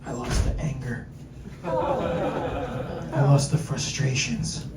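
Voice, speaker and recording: A man voicing a smug male friend turned fitness guru, who preaches in a soft, slow, self-satisfied way. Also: medium pitch, huge pitch swings, heavy background noise, voice pushed down. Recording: echoey club, distant mic, audience.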